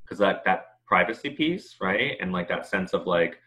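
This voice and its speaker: A man with a very low yet bright-edged voice, reflecting out loud in a conversation. He searches for his words, starting and stopping with many fillers. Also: lively intonation. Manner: halting, thinks aloud with many fillers.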